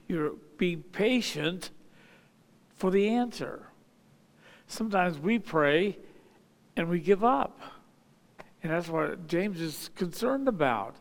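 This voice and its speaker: A man with a slightly high voice preaches as a pastor, reading scripture before explaining it. He talks in halting stretches full of fillers. His voice rings out with a long reverb, as in a large hall.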